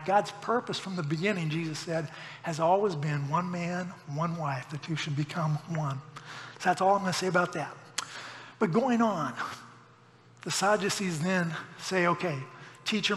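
A man's voice: high voice, a bit bright, in a large hall. A middle-aged man preaching a sermon as pastor, with folksy joking asides.

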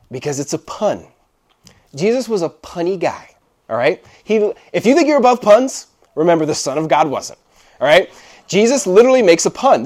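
A young man preaching a sermon in a relaxed, conversational way. His voice sits a little higher than most men's and rises and falls a great deal, and he keeps checking in with his listeners as he explains. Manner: casual and animated, checks in with the audience often. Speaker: pastor.

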